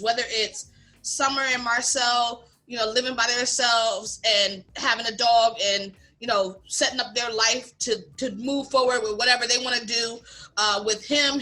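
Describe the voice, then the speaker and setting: Bright-voiced animated Philly woman storyteller. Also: on the high side. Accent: Philadelphia. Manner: animated, candid storyteller, acts out quotes. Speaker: podcast co-host, bartender. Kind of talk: casual podcast storytelling.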